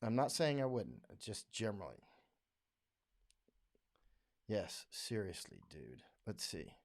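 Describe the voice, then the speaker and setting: A man's voice: fairly low pitch, big pitch swings, slow. An American man hosting a casual livestream, reading viewer comments aloud on a studio microphone, talking bluntly and rambling, with frequent laughs. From United States. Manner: rambling, blunt, laughs often, mocking voices when quoting others.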